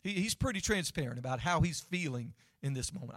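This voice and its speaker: A man's voice: fairly high pitch, lively intonation, fairly quick, hardly any pauses, a bit bright, no room sound, clean studio sound. A man preaching a sermon in a conversational way, asking his listeners questions. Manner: conversational, asks the audience questions. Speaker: pastor.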